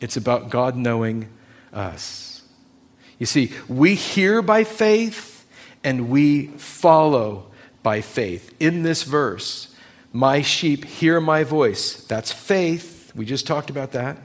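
A man's voice: medium pitch, expressive, slow. A man preaching a sermon, emphatic and arguing through rhetorical questions.

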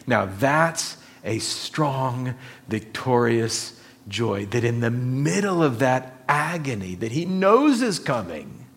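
Male pastor, mid pitch, unhurried emphatic sermon delivery. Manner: slow, emphatic preaching with repeated phrases.

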